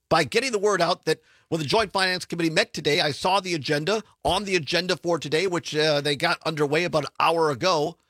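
A man's voice: a little high, no echo. A man, hosting a political talk radio show in a studio, chatty and sarcastic as he tells stories. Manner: chatty, sarcastic, animated storytelling.

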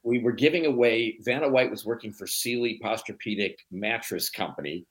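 Low-voiced storytelling producer man. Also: a little fast. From Chicago. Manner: relaxed, rambling storyteller. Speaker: documentary producer, guest. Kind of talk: casual interview storytelling.

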